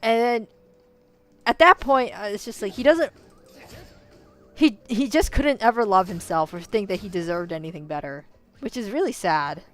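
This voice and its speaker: A woman in a casual, rambling commentary, full of "you know"s and self-corrections, swinging between quiet musing and loud outbursts. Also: medium pitch, lively intonation, normal speed, long pauses. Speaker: vlogger.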